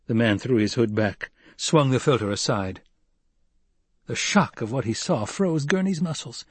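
Brief: male audiobook narrator, measured storytelling, mid-pitched, slightly breathy tone. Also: lively intonation, no echo.

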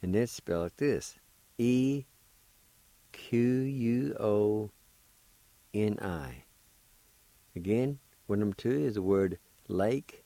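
Slow, deep-voiced man spelling out words. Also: expressive, dark tone, no echo. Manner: encouraging. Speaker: language teacher and radio host. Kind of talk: radio language lesson.

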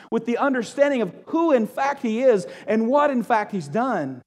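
A man preaching a sermon as pastor, telling stories in an animated way and acting out the voices he quotes. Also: extremely high pitch, normal speed, few pauses. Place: church sanctuary. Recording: long hall reverb.

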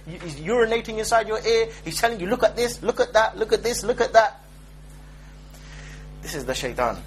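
Male preacher, high voice, chatty joking lecture style. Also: slight background noise. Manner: conversational, joking, keeps asking "yeah?". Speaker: Islamic preacher. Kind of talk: informal religious lecture.

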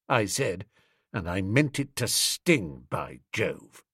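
A man narrating a comic story as an audiobook, in a brisk, animated storytelling manner. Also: fairly low pitch, husky, no echo, clean studio sound.

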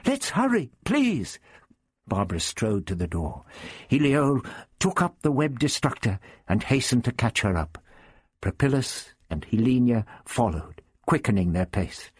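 A man reading an audiobook novel in measured narration. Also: lowish voice, lively intonation, breathy edge, no echo, clean studio sound.

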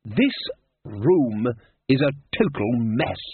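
A man's voice: mid-range voice, very animated, takes it slowly, breathy edge, no echo, heavily acted. A man voicing a blustering, bellowing old male head wizard in a storybook reading. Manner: bellowing, indignant. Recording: tinny phone-like sound.

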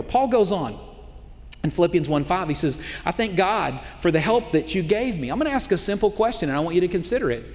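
High, lively preaching man in a hall. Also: brisk. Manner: animated, conversational preaching with rhetorical questions. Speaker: pastor. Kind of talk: sermon. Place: church auditorium. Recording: long hall reverb.

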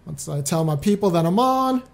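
A loose, chatty live-stream host who talks straight to the audience. The voice sits at a middling pitch, and the host keeps breaking off mid-sentence to start over. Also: animated, a little fast, vocal fry. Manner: chatty and loose, restarts often, speaks straight to viewers. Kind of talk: casual live-stream talk.

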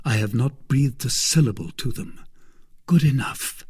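A man's voice: mid-range voice, lively intonation, unhurried, darkish tone, slightly rough. A man voicing a discreet young male musketeer who speaks in an earnest, guarded way.

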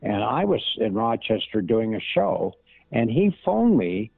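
An older man, an impressionist, telling showbiz anecdotes in a halting, storytelling way over a tinny line. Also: fairly low pitch, sing-song, creaky, husky, dry recording. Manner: anecdotal, halting with many restarts. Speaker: impressionist guest. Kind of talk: casual interview storytelling. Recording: tinny phone-like line, dry.

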